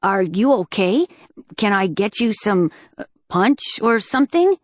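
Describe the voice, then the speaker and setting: A woman's voice: medium pitch, big pitch swings, a little slow, darkish tone, no room sound, studio quality. A woman voicing an awkward, smitten teenage boy in an audiobook, eager and fumbling.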